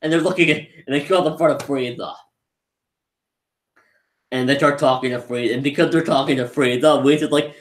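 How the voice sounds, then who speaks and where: A man's voice: mid-range voice, fairly even intonation, a little fast, long pauses. A young man rambling enthusiastically through a casual live movie review, often restarting his sentences. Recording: roomy echo.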